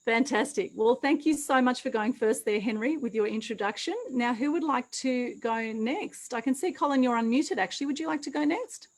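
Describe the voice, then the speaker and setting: Upbeat woman host, bright higher voice, video call, effusive, welcoming newcomers. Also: brisk, hardly any pauses, poor audio. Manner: upbeat, effusive, lots of praise. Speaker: meetup host. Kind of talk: online meetup hosting.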